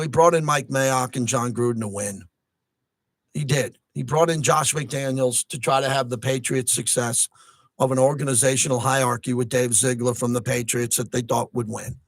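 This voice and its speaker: The speaker is a male sports talk radio host in a studio, his mid-range voice captured on a close mic with no echo. He talks for long stretches, excitable throughout, and at times gets so riled he's almost shouting.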